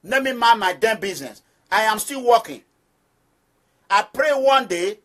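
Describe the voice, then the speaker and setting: A man's voice: sits high, animated, a little slow, a bit bright. A man with a Nigerian accent, leading an activist movement and giving emphatic political commentary straight to his listeners, repeating phrases for stress. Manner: preaching address to listeners. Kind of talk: direct-address political commentary.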